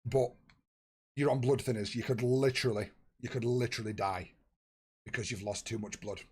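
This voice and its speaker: A young man with a husky voice, chatting casually and swearing freely with his viewers while he plays a football management game. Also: medium pitch, fairly even intonation, moderate pace, darkish tone. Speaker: streamer. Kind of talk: casual live-stream chat.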